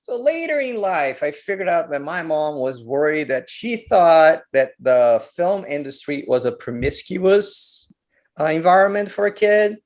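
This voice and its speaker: A man from Brazil, a guest filmmaker telling stories in an interview, animated and often repeating words as he goes. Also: fairly high pitch, unhurried. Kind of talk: storytelling interview.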